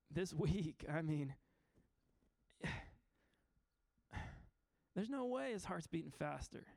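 A man's voice: high-pitched, no echo, studio quality. Earnest man preaching casually. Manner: earnest and informal, with frequent restarts and fillers. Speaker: pastor. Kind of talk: conversational sermon.

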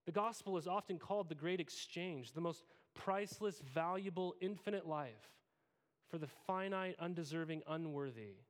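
A man's voice: sits high, expressive, normal speed. A man in his thirties preaching a sermon as pastor, conversational and self-deprecating, acting out quoted lines.

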